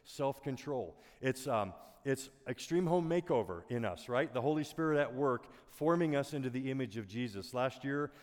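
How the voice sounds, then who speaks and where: A middle-aged man preaching a sermon as a pastor, earnest and soft-spoken, often dropping his voice almost to a whisper. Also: mid-range voice, expressive, normal speed, hardly any pauses. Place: church auditorium. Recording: long hall reverb.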